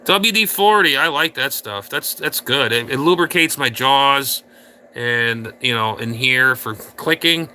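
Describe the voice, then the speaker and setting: A man's voice: mid-range voice, animated, a little slow, pushed and bright, a little hiss or hum. A man hosting a casual livestream, rambling and ranting crudely at viewers in chat. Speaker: livestream host.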